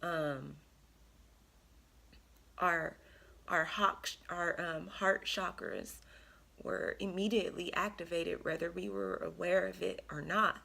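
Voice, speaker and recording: A woman giving an earnest, emotional spiritual card reading to her viewers, pausing often with ums. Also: lowish voice, creaky, sharp tone. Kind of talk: tarot reading monologue.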